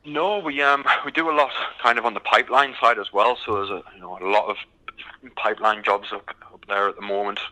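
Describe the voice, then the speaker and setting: A man's voice: fairly low pitch, brisk, low-quality recording. A man from the UK with a British accent, answering interview questions casually with many ums. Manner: relaxed, many ums and restarts. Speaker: recruitment company guest.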